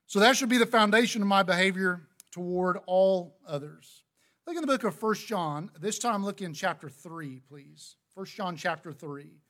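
A man's voice: sits high, moderate pace, a bit bright. A man preaching a sermon to a congregation, talking earnestly and conversationally between scripture readings.

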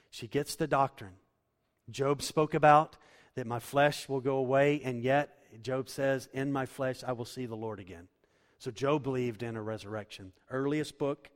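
A male pastor with a middle-pitched voice preaches a sermon, leading listeners through scripture verse by verse. Long reverb makes it sound like a large church sanctuary, and he moves from quiet explanation to loud, emphatic declarations.

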